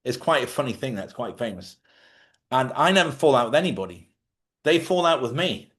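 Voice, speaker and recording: A man's voice: mid-range voice, sing-song, a little fast, fairly bright tone. A blunt man with an everyday mid-range voice, talking straight to his audience about letting go of the past. He speaks plainly and forthrightly and does not hold back a curse word. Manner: blunt, forthright, swears freely. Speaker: host. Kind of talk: live advice talk. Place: lives in Spain.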